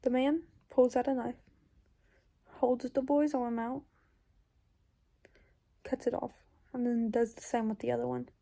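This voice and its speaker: A woman's voice: fairly high pitch, level tone, measured pace, creaky, pauses often, dark tone. A woman recounting a dream in casual, rambling storytelling, full of fillers and sometimes dropping into whispers. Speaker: YouTuber.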